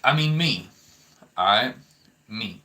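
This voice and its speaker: A man's voice: lowish voice, animated, takes it slowly, bright, forceful tone. A young man ranting to his viewers, heated and swearing often, with frequent stammering restarts. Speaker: vlogger. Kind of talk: ranting commentary to camera.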